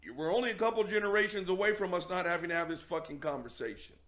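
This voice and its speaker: A man with a high, bright voice rants as a commentary host. He swears freely and mocks his targets. Now and then he breaks into shouts. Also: fast talker, few pauses. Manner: profane, mocking, shouting at times. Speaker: show host. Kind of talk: heated commentary rant.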